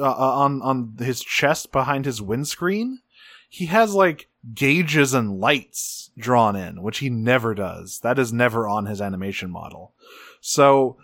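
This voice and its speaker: A man co-hosting a casual talk show, recapping an animated episode with loose, profane rambling. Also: on the low side, dry recording, clean studio sound. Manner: rambling, swearing, many restarts. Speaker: podcast co-host. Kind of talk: casual chat recapping a cartoon.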